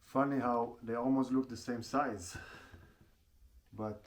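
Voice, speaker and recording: A man's voice: medium pitch, fairly even intonation, slow, slight background noise. A man doing a casual product unboxing at home in his apartment, speaking plainly and often restarting his phrases. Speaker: tech reviewer.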